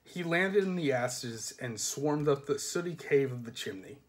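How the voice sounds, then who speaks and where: A man reading a comic fantasy novel aloud with lively narration. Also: mid-range voice, measured pace. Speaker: reader.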